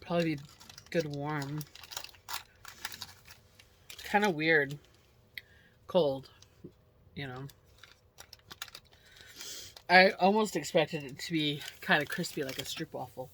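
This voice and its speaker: Lady with a pretty low voice trying snacks on camera, chill chatty vlog, some background noise. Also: fairly bright tone. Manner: chatty, unhurried, murmurs while chewing. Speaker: snack review vlogger. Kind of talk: casual snack taste-test commentary.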